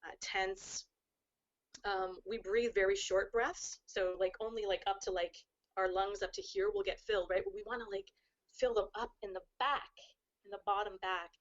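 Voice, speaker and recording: Earnest woman giving calm advice. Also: mid-range voice, normal speed, highs cut off. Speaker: guest speaker on wellbeing. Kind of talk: casual advice chat.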